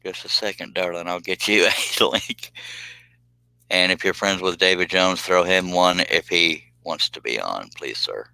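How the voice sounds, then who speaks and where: Deep folksy man hosting a stream. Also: a little slow, gravelly, pushed and bright, smooth, dry recording, rough recording. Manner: folksy, drawling, reads chat aloud. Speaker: live stream host. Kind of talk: casual live stream chat.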